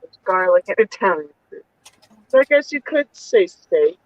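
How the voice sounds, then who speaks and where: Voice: mid-range voice, big pitch swings, moderate pace, no echo, muffled recording. A speaker making blunt, offhand remarks in casual chat.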